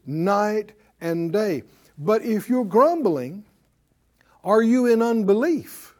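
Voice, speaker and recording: A man's voice: high voice, animated, slow pace, a little mellow. A man preaching a sermon, who keeps quizzing his listeners with "Huh?". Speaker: preacher and Bible teacher.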